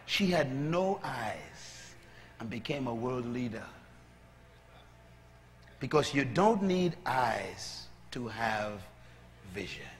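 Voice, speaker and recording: A man preaching a sermon as a pastor, moving from calm teaching to loud, shouted preaching. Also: mid-range voice, slow, pauses often. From Bahamas. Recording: long hall reverb.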